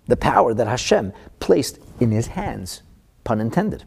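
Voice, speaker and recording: A man giving a Torah lesson, animated, slowing down to stress the Hebrew verses he quotes. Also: medium pitch, vocal fry, slightly rough. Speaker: Torah teacher.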